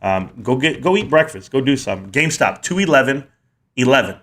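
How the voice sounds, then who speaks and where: A man with a bright, forward voice hosts a casual livestream from a small home studio. He tells stories in an animated way, laughs often, and breaks off to answer comments from the chat. His voice sits at a middle pitch. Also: brisk. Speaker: livestream host.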